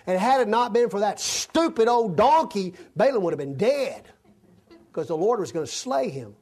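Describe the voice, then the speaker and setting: A male preacher's voice sits high and sing-song, a little mellow, at a normal speed. He delivers expository Bible teaching, reading passages aloud and adding folksy, conversational asides.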